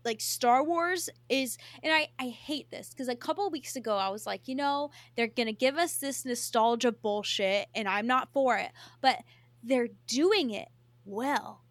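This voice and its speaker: Mulher animada, muitos "tipo". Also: female voice, a little high, measured pace, dry recording. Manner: excited, swears often, many "like" fillers. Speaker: podcast co-host. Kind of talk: casual chat.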